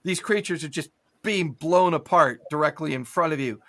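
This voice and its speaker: A man's voice: fairly high pitch, normal speed, pushed and bright. A man narrating a tabletop horror game as game master, adding his own gunfire and impact sounds.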